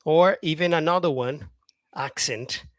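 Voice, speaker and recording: A man's voice: fairly high pitch, a little slow, fairly bright tone, dry recording. A man teaching English on a live stream, chatting with viewers by name, saying "yeah" often and modelling words by repeating them.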